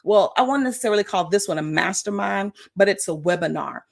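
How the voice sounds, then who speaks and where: A woman's voice: mid-range voice, animated, fairly quick, vocal fry. A woman coach hosting a motivational livestream talk. She is encouraging, repeats affirmations, and uses many "uh" fillers. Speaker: coach and show host.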